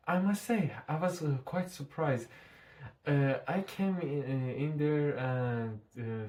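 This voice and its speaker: A man's voice: mid-range voice, a little mellow. A man reviewing a show in a casual vlog, talking through a mask, rambling and swearing freely.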